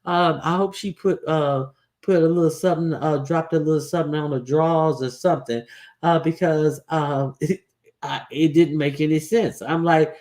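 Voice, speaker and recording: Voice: mid-range voice, steady tone, normal speed, darkish tone. A commentator talking casually and bluntly, recounting events with many restarts and fillers.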